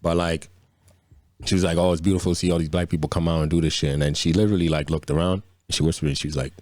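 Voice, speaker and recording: Very deep-voiced man, fast and casual. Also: steady tone, a little mellow, dry recording, studio quality. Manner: loose, profane storytelling. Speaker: podcast co-host. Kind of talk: casual chat.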